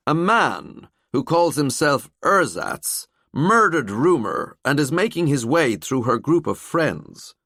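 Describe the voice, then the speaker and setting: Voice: mid-range voice, takes it slowly, few pauses, dry recording, studio quality, pitched above the performer's own voice, exaggerated voice. A man voicing a wry skeleton detective. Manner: wry, chatty, calm. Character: living skeleton detective, dry wit.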